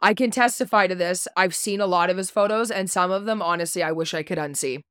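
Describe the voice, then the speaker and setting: A woman's voice: fairly low pitch, quick pace, fairly bright tone, smooth, dry recording, clean studio sound. A woman hosting a podcast, reading a prepared story segment in a blunt way, swearing casually and stumbling over unfamiliar names. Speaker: podcast host.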